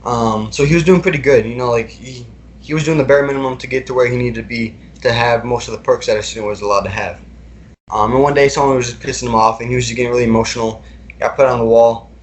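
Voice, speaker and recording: A man's voice: mid-range voice, fairly even intonation, quick pace, slight background noise. Young man telling his story, rambling. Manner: casual, rambling, many fillers and repeated words. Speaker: guest. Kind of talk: recounting personal experiences in a podcast interview.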